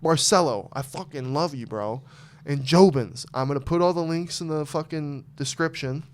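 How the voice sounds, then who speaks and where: A man's voice: fairly high pitch, normal speed. A man hosting a podcast, telling rambling stories in loose, profane casual chat. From Arizona. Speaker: podcast host.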